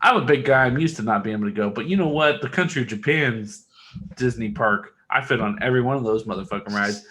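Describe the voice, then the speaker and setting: A man's voice: medium pitch, quick pace. Man, podcast co-host, casual chat, rambling anecdotes, swears often. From Texas. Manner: rambling, animated storytelling, swears freely.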